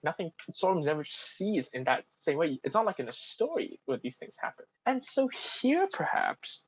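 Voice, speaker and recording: A man's voice: medium pitch, breathy edge, poor audio. A young man tutoring, walking through an exam answer and thinking aloud with many "sort of"s and restarts. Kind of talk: explanatory exam walkthrough.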